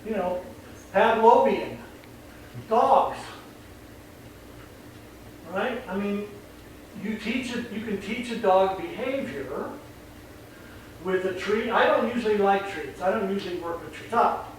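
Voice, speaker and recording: High-voiced male dog trainer, echoey. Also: takes it slowly, pauses often. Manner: rambling, chatty, acts out voices. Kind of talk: casual explanation on camera. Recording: very echoey, distant mic, faint noise.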